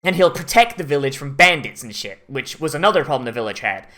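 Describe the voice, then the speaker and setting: A host giving casual, rambling commentary after an anime watch-along, animated and full of swearing. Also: medium pitch, fast.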